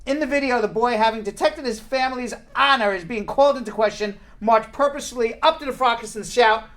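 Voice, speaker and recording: A man's voice: very high voice, fast talker. A man hosting a talk show, telling news stories in a casual, laughing way. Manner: laughing, animated storytelling. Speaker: show host.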